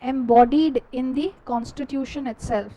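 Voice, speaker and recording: An Indian English-accented woman teaches a class, dictating notes at a slow, steady pace. She repeats each phrase so students can copy it down. Her voice sits notably high. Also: low-quality recording.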